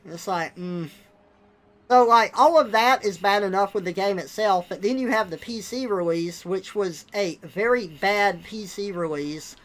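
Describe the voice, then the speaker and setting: A man's voice: high voice, fairly bright tone. A young man on a live stream, ranting bluntly and with exasperation, swearing now and then. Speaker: livestreamer. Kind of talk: casual live-stream rant.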